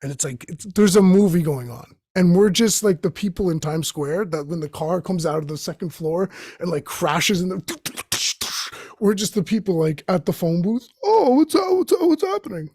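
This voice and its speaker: High-voiced husky young man ranting. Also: moderate pace, darkish tone, no echo, clean studio sound. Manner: profane, tangent-jumping, acts out quoted voices. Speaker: host. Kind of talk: rambling comedic monologue.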